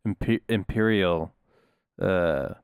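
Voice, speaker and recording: A man's voice: low-pitched, drawn-out words, clean tone, dry recording, studio quality. A man co-hosting a casual film podcast, asking questions and making crude jokes. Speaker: podcast co-host. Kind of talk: casual chat.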